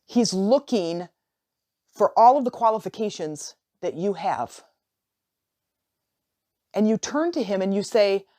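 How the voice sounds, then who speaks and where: A woman hosting a motivational coaching podcast, telling a story in a casual, animated way, often repeating and restarting her phrases. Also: medium pitch, measured pace, pauses often. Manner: animated, acts out imagined dialogue. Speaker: podcast host and life coach.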